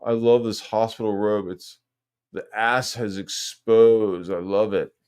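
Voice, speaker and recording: A man's voice: on the low side, steady tone, a little slow, darkish tone, clear, resonant tone, natural voice. A man putting on a mocking, drawling voice of a self-pitying middle-aged man.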